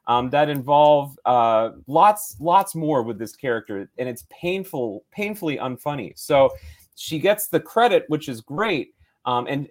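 A man co-hosting a podcast in casual chat, animated with wry asides. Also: medium pitch. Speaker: podcast co-host.

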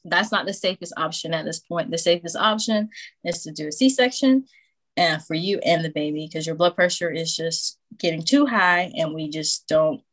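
A woman guest on a podcast casually telling a personal story, animated, acting out what others said and laughing often. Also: low-pitched, moderate pace. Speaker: podcast guest, new mother.

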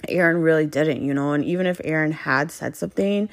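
Woman, low-pitched voice, casual rambling monologue, heavy filler words, swearing, exasperated rhetorical questions. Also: fairly quick. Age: adult with children. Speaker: vlogger venting about her partner.

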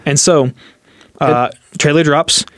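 Excited guy rambling on a podcast, dry close sound. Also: a little high, no room sound. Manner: excitable storyteller, halting restarts. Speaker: podcast co-host. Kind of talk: casual chat.

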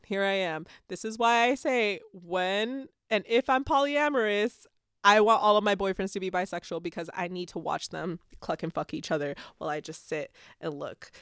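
A woman's voice: mid-range voice, moderate pace, a bit bright, smooth, dry recording, studio quality. A woman hosting a casual podcast, swearing freely and giggling as she talks about and reads from a book. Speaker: podcast host. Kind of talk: casual chat and book reading.

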